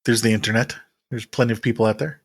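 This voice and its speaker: Male podcast host, relaxed, reflective questioner. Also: on the low side, quick pace, slightly rough. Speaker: host, interviewer. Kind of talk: casual interview.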